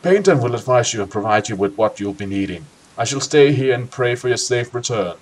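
A man's voice: mid-range voice, expressive, fairly quick, natural voice, rough recording. A man playing a solemn, formal old lord.

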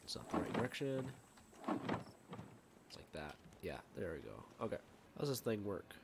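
Slow-talking man narrating his gameplay. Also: fairly low pitch, very animated, vocal fry, heavy background noise. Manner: rambling, thinks aloud with fillers. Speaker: gamer. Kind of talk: let's play game commentary.

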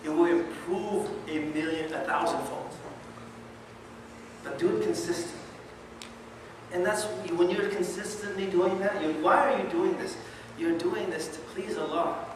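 Guy giving a chatty sermon, bit high voice, far off mic in a boomy hall. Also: unhurried. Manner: conversational, animated, asks the audience questions. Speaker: Islamic lecturer. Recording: echoey hall from far off, noisy.

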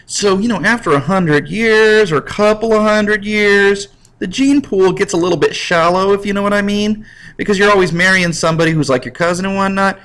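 A man's voice: high voice, brisk, fairly bright tone, poor audio. A man teaching a history lecture in a casual, jokey way, acting out little scenes. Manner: jokey, acts out scenes in voices. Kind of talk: recorded classroom lecture.

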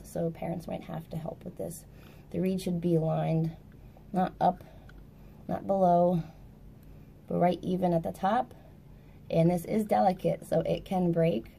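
Gravelly, mellow woman teaching clarinet. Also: fairly low pitch, slight background noise. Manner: chatty, self-correcting, laughs at herself. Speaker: music teacher. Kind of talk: casual instrument tutorial. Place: indoors at a table.

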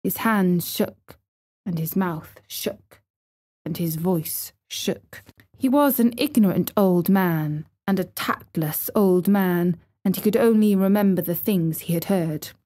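A woman narrating an audiobook in a slow, deliberate reading style. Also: fairly low pitch, warm tone. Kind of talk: scripted narration.

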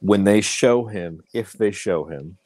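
A man's voice: lowish voice, slow pace, no echo. A man co-hosting a casual movie podcast, swearing freely and restarting his sentences. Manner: profane, excitable, trailing restarts. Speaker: podcast co-host.

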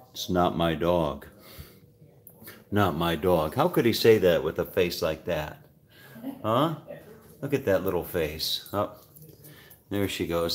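Deep-voiced guy vlogging around the house, lots of uhs and trailing off. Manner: rambling, halting, many filler pauses. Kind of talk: casual walk-through vlog. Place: indoors in a house.

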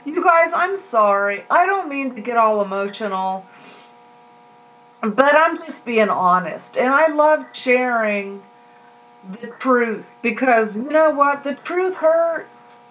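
A woman's voice: on the high side, lively intonation, slow pace, a bit bright, lo-fi sound. A woman giving a casual, heartfelt devotional talk to her viewers, rambling with many fillers and restarts. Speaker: Christian vlogger.

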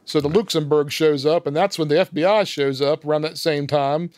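A man talks through a film's plot step by step, chuckling as he goes. His voice sits fairly high. The sound is dry and close. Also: fairly even intonation, a little fast, a little mellow, no room sound. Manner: walks through the plot step by step, laughing often. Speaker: podcast host recapping a film. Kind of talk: casual film discussion.

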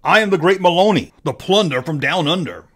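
A smug little braggart who lords his math smarts over everyone, put on by a man. He sounds condescending, with a slightly high voice, close to the man's own. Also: expressive, a little fast, fairly bright tone, slightly rough, full character voice. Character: smug boastful boy math know-it-all.

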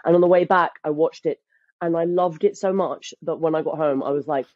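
A woman's voice: low-pitched, a little fast, no room sound. A woman in her thirties, a guest on a podcast, who tells stories with lots of laughter and restarts her sentences. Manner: animated storyteller, laughs often, restarts sentences. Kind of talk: casual chat. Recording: dull lo-fi dry sound.

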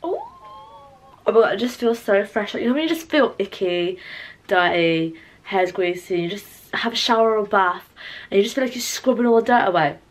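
A woman's voice: medium pitch, animated, normal speed. A young woman, chatting casually to camera at home, rambling and playful with asides to her viewers. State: out of breath. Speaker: vlogger. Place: home, indoors.

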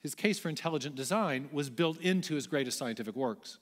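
A man's voice: a little high, expressive, a little fast. A man giving a public lecture to a large audience in a church auditorium, explaining in a conversational way with the odd light aside. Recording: echoey hall.

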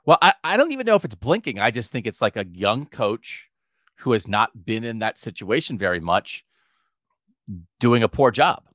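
A man's voice: medium pitch, big pitch swings, normal speed, a bit bright, dry recording, clean studio sound. A man co-hosting a sports podcast, chatting animatedly and thinking aloud. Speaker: podcast co-host. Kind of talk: casual sports talk podcast.

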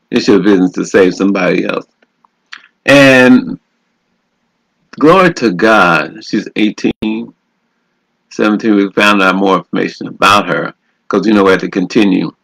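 A man's voice: mid-range voice, gravelly, fairly bright tone, husky, rough recording. A man, a radio minister, preaching and telling a personal story in a fervent, repetitive exhorting way. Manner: exhorting, repeats phrases, calls out "glory to God".

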